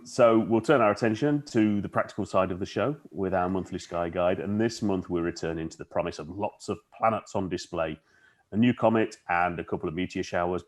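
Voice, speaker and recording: A man hosting a live astronomy podcast, playful while leading into segments. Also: sits low. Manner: playful, animated, links segments. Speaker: podcast host.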